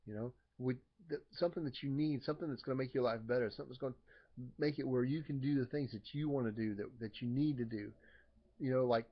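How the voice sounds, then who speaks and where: A man's voice: medium pitch, fast. Casual rambling male lay preacher, lo-fi. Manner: rambling, many fillers and restarts, acts out voices loudly. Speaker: lay preacher sharing a Bible story. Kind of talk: casual informal sermon.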